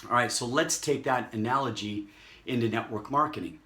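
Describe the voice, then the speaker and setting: Man, sales trainer, energetic, plays out prospect dialogue, mid-pitched voice. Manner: energetic, acts out prospect dialogue in quick bursts. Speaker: network marketing trainer. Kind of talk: motivational sales training talk.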